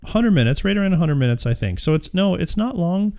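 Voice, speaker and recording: A man's voice: sits high, lively intonation, quick pace, darkish tone. A man hosting a casual movie podcast, rambling and laughing easily, with some swearing. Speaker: podcast host.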